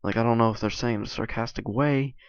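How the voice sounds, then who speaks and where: A man's voice: medium pitch, steady tone, quick pace, smooth, no echo, lo-fi sound. A young man with a sore, tired voice talks hesitantly in a casual vlog, full of restarts and fillers. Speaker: YouTuber. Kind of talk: casual rambling vlog monologue.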